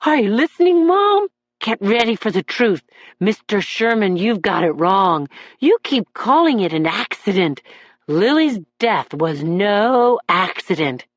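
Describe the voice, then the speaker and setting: A man's voice: very high-pitched, sing-song, slow pace, no room sound, pitched above the performer's own voice, full character voice. A woman reading an audiobook voices a troubled young man on trial, testifying in a raw, pleading way about the voices that haunt him. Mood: emotional. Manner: anguished, raw and pleading, breaking into shouts. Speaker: defendant testifying in court.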